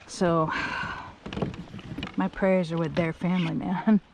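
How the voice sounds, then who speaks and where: A woman kayak angler talking to her camera while fishing outdoors on a windy lake, chatty and candid, breaking into excited whoops. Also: fairly low pitch, slow pace. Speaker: kayak angler filming her tournament day. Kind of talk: casual vlog narration while fishing. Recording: strong outdoor wind noise.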